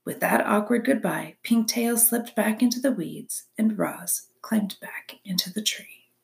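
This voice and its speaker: A woman narrating a children's novel aloud in an expressive storybook reading. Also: medium pitch, a little slow, vocal fry.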